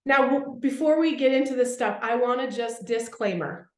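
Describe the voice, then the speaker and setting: A woman in her thirties or forties speaks to a live group with eager, emphatic energy, often repeating her phrases for effect. Her voice sits a little high. The room rings with a noticeable echo. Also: normal speed. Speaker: workshop speaker. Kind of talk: live workshop talk to a group.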